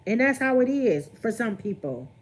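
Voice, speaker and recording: A woman's voice: fairly high pitch, very animated, normal speed. A young woman, venting candidly on her livestream and greeting viewers as she talks. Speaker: vlogger on a livestream.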